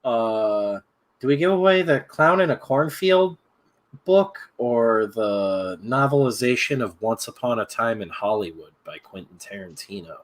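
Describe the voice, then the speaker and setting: Casual male host, rambling, self-deprecating, mid-pitched. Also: lively intonation, unhurried. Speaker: podcast host running a giveaway. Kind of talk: casual chat.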